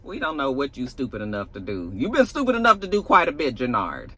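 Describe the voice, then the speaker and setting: A TV reviewer recaps an episode in a loose, animated, profane way and slips into the characters' lines. The voice swoops widely in pitch and has a bright, forceful edge. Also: quick pace, few pauses.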